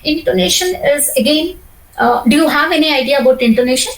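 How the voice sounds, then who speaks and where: A woman's voice: sits high, fairly quick, vocal fry, recorded from a distance, low-quality recording. A middle-aged woman, coaching a student one-on-one for job interviews, explaining at length with many fillers and restarts.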